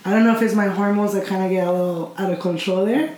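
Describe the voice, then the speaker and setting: A young woman shares her thoughts in a laid-back podcast conversation, moving between English and Spanish as she talks. Her voice is at an ordinary middle pitch. The room is echoey, with a faint hiss of noise behind her. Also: fairly even intonation, fast, a little mellow. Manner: reflective, mixes English and Spanish mid-sentence. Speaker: podcast co-host. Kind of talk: casual chat.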